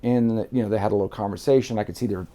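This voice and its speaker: A man from Miami, United States, tells a long, rambling story as an interview guest, cursing freely and imitating what other people said. His lowish, warm voice races along with a steady tone in this casual storytelling.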